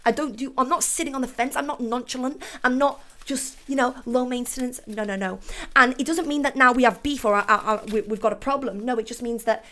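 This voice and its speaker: A woman's voice: on the high side, brisk, a bit bright. Sassy woman podcast host. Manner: sassy, rambling, emphatic. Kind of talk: casual solo podcast chat.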